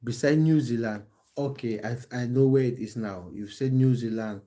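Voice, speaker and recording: A man with a soft, mellow voice chats loosely with viewers on a live stream, recorded on his phone at home. He talks in stops and starts, restarting his sentences and filling gaps with ums. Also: mid-range voice, moderate pace. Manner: chatty, hesitant, many restarts and fillers. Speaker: football coach and live streamer. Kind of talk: casual live-stream chat reading viewer comments. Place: at home in England.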